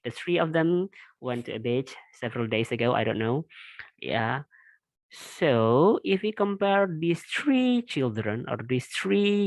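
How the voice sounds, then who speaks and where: A man teaching a recorded lesson in Indonesian-accented English, patient and repetitive, tagging his points with "ya" and restarting his phrases. His voice sits at an ordinary middle pitch for a man. The sound is close and dry, with no room echo. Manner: explains patiently, keeps adding "ya" and restarts.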